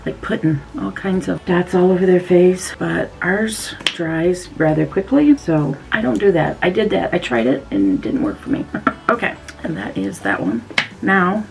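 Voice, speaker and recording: Low-voiced woman chatting through makeup. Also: vocal fry, poor audio. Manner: chatty, demonstrating step by step. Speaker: beauty vlogger. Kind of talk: casual makeup tutorial.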